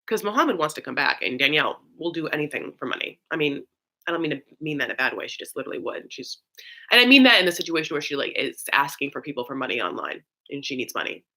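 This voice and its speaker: A woman's voice: low voice, sing-song, fast talker, sharp tone. A young woman hosting a casual livestream, rambling with lots of fillers and gushing thanks to her viewers. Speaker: host of a live recap stream.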